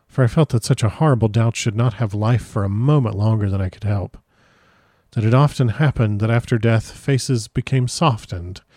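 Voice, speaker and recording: A man reading a first-person literary story aloud in a measured, solemn manner. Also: medium pitch, darkish tone, dry recording, clean studio sound. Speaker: audiobook narrator.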